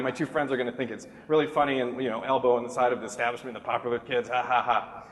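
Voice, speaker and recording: A man in his thirties telling a comic story to a crowd at a talk, animated and self-mocking, sometimes jumping into a high squeak to act out other people. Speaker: keynote speaker. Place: large hall. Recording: echoey hall with long reverb.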